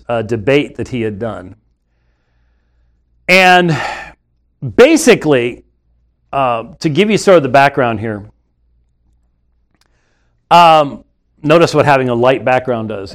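A man hosting a live webcast and teaching on the Bible, talking in an emphatic, argumentative way with frequent restarts from a studio. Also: medium pitch. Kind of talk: unscripted live commentary. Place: studio with screens and computer.

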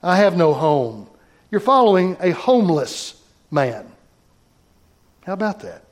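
A man's voice: high-pitched, big pitch swings, a little slow. A man pastor preaching a sermon, reading scripture aloud and talking directly to his congregation.

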